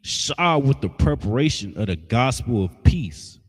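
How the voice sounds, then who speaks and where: A man's voice: mid-range voice, very animated, unhurried, husky, big-room sound. A man teaching a religious lesson in a blunt, scolding, emphatic way, with slangy asides. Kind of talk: street-style preaching lesson.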